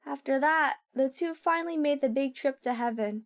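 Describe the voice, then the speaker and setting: Brief: woman game streamer, high voice, reads text aloud and reacts openly, home setup. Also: moderate pace.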